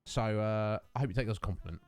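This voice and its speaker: Talking very fast in a clear, resonant, lowish voice, a young man hosts a casual stream with faint music behind him. He rambles to viewers, full of fillers and self-deprecating asides.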